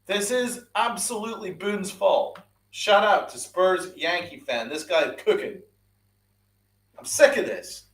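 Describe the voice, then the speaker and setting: Fired-up ranting man, high lively voice. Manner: ranting, repeats himself, swears, asks rhetorical questions. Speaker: podcast host. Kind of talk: angry sports rant with live chat.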